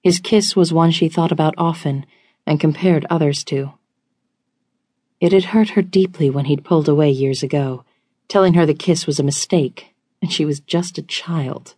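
Low-voiced woman narrating romance. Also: moderate pace, warm tone, slightly rough, dry recording, clean studio sound. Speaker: audiobook narrator.

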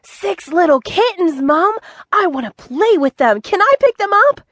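A woman's voice: high-pitched, sing-song, slow pace, a bit bright, no echo, studio quality, voice pushed up, heavily acted. A woman voicing an eager four-year-old girl in an audiobook for children. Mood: excited.

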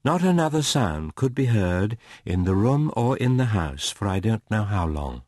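A man narrating a classic novel for an audiobook in a measured, expressive way. His voice is low and his pitch roams widely across phrases. The recording is close and dry. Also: no echo.

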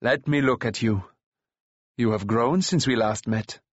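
A weathered warrior prince, read by a man, speaking with quiet, measured authority. The voice is slightly husky and the recording dull and dry. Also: mid-range voice, dry recording. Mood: calm, wise. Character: tall weathered warrior prince, calm and wise.

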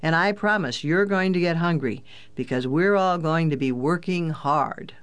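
An audiobook narrator voicing a kind, teasing father who sounds calm and fatherly. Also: medium pitch, normal speed, smooth, natural voice. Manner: calm, fatherly, gently joking. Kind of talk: audiobook character voice.

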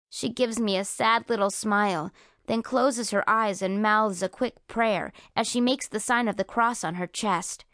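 Woman reading a kids audiobook, bit high, bouncy delivery, dry close studio sound. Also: moderate pace, dry recording. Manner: lively, expressive storytelling. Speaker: audiobook narrator. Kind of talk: first-person audiobook narration.

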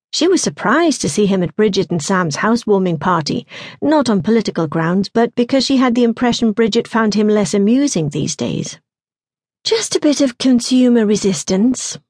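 A woman narrates a suspense novel in a measured, even way. Her voice sits at a middling pitch, and the studio sound is dry and close with no room echo. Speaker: audiobook narrator. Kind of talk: scripted narration.

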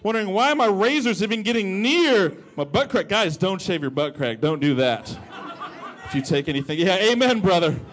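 A man's voice: sits high, animated, moderate pace, fairly bright tone. A man doing a crude, playful stand-up comedy set. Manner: crude, playful, swooping delivery.

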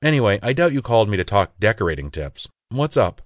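A man's voice: on the low side, sing-song, fast talker, no room sound. A man voicing a self-conscious young gay man who answers a friend in dry, defensive retorts. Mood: deflecting.

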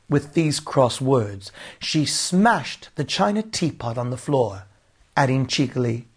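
A man narrating a children's storybook in an expressive, unhurried way. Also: medium pitch, husky. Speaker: audiobook narrator.

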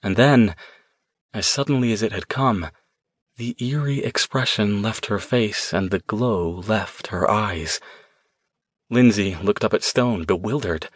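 A low-voiced man reads a supernatural thriller audiobook in a tense, measured way. The recording is dry and close, with no room sound. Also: no room sound. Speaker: audiobook narrator. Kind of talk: scripted narration.

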